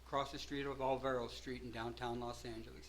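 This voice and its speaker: An older man from Southern California telling his personal recovery story at a meeting, rambling at first, then growing animated and laughing. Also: mid-range voice, brisk, a little hiss or hum, rough recording.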